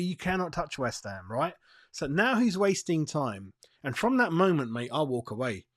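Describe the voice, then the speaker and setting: A man hosting a football fan channel, giving a blunt, profane and fired-up rant on transfer news. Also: mid-range voice. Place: seated, in a dry room.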